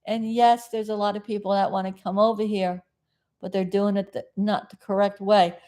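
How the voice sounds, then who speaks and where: A woman's voice: mid-range voice, level tone, normal speed, warm tone. A middle-aged woman from South Florida hosting a casual live stream, chatting in a meandering way and often losing her train of thought.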